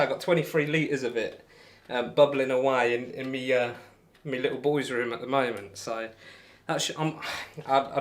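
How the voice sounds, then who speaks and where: Bloke on a darts stream chatting away, rambly and friendly, mid-pitched voice. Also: male voice. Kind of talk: casual live-stream chat reading comments. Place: home room while throwing darts.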